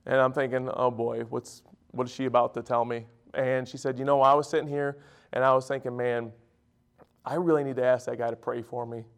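A man's voice: mid-range voice, little pitch movement, fairly quick, vocal fry. A middle-aged man preaching a sermon. He talks in a conversational, storytelling way, with emphatic bursts.

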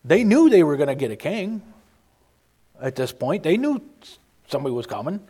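Man, informal sermon, emphatic, lively pitch, halting restarts. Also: breathy edge. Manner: earnest, emphatic, with frequent restarts and halting pauses. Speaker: preacher.

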